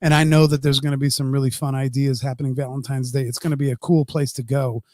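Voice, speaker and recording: A man's voice: medium pitch, flat delivery, quick pace, warm tone, no echo. Male podcast co-host, ranty and profane, bone-dry close mic. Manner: ranting, swears freely. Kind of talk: casual live-stream chat.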